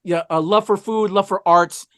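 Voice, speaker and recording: A man's voice: high-pitched, steady tone, normal speed, fairly bright tone, dry recording, clean studio sound. A man co-hosting a casual film review, talking enthusiastically with lots of fillers and asides. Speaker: podcast co-host.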